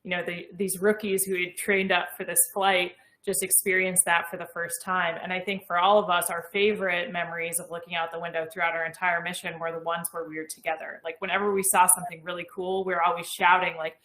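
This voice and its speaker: Woman, 30s, bright and enthusiastic; explains clearly in an interview, echoey room. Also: on the low side, flat delivery, quick pace, hardly any pauses. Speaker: astronaut guest. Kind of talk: conversational interview.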